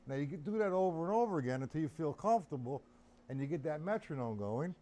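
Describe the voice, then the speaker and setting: A man's voice: a little high, expressive, fast talker, music in the background. A man teaching drums on a live stream, counting beats aloud and talking casually to his viewers. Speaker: drum teacher. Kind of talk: live-streamed drum lesson. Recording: drum kit loud behind voice. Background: drums and metronome.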